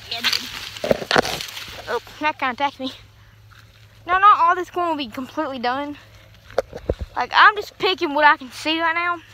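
A woman's voice: sits high, normal speed, pauses often, bright, forceful tone. A young woman vlogging as she picks corn, chatty and rambling as she talks to her viewers, out of breath, holding her phone in one hand. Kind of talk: casual vlog. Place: outdoors in a cornfield. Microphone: phone held in one hand. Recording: noisy outdoor phone recording.

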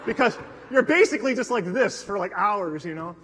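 A man's voice: high voice, expressive, fairly quick, fairly bright tone, a little hiss or hum. A male pastor preaching a sermon, telling personal stories conversationally with self-deprecating humor. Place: church sanctuary. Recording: long hall reverb.

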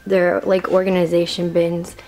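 A woman's voice: on the low side, monotone, normal speed, a little mellow, slight background noise. A teenage girl giving a rambling, filler-heavy room-tour vlog to a handheld camera in her bedroom. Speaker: vlogger.

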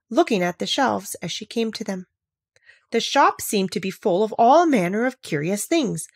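A woman reading a classic children's storybook aloud with expressive, animated narration. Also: mid-range voice, breathy edge, dry recording, studio quality. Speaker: audiobook narrator.

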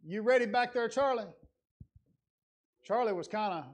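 A man's voice: high-pitched, normal speed. A man delivering a sermon in a church, earnest and conversational, building to emphatic passages. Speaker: lay preacher. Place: church sanctuary.

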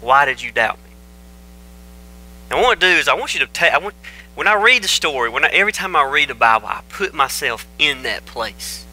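Bright folksy preacher man. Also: on the high side, very animated, fast, faint music behind, rough recording. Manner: folksy, joking, conversational storytelling. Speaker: pastor. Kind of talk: casual folksy sermon. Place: church sanctuary. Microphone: microphone.

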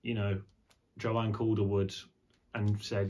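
A man with a slightly low voice chats loosely to camera from his home studio. He rambles, swears freely and keeps tossing in fillers. Casual and unscripted. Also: steady tone, normal speed. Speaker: vlogger. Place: indoor home studio, seated on a squeaky chair.

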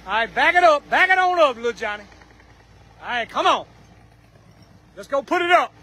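A man's voice: extremely high pitch, big pitch swings, normal speed, pushed and bright. A man talking casually in a vlog outdoors. He calls out short directions and then hawks things for sale in a joking patter. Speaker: vlog host.

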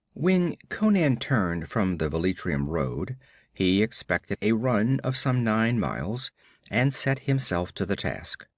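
A man narrating an audiobook with dramatic, expressive storytelling. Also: medium pitch, dry recording, studio quality.

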